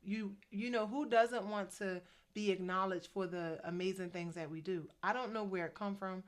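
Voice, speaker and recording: Woman in her 50s, chatty faith vlog, animated asides, preachy. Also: medium pitch, normal speed. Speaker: faith vlogger. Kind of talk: casual faith-based vlog talk.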